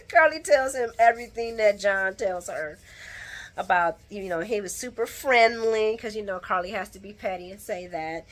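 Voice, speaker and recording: On her channel, a woman casually recaps a soap opera episode in a bright, forceful, medium-pitched voice. She's sassy, laughs often and talks back to the characters.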